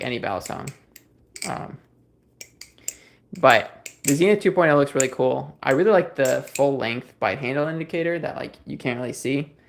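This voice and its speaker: Male streamer, relaxed and rambling, reads and answers chat; voice has a gravelly edge. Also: mid-range voice, a little hiss or hum. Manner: rambling, easygoing, many fillers and restarts. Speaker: livestream host. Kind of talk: casual livestream chat, reading viewer comments.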